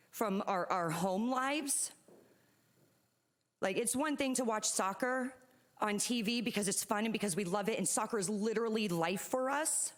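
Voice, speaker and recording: A woman addressing a city commission at a podium microphone, speaking earnestly as a parent. Her voice has an ordinary middle pitch, and she keeps pushing on while holding back tears. The setting is a council chamber during public comment. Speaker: parent and youth soccer club staff speaking at public comment.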